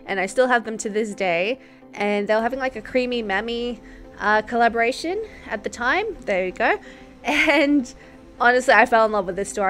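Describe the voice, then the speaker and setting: A woman in her twenties chatting casually as a YouTuber in a reaction vlog, gushing and excitable and laughing often. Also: a little high. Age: 20s.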